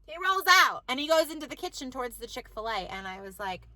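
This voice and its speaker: A woman's voice: high-pitched, big pitch swings, fast talker, hardly any pauses, sharp tone, no room sound, poor audio. A woman, telling a story to the camera in a chatty way, with lots of "like". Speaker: mom vlogger. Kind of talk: casual chat to camera.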